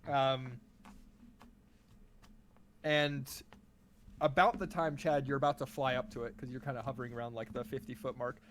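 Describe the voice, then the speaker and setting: A man's voice: medium pitch, a little hiss or hum. A man narrating as game master of a tabletop game, casual and full of ums and asides.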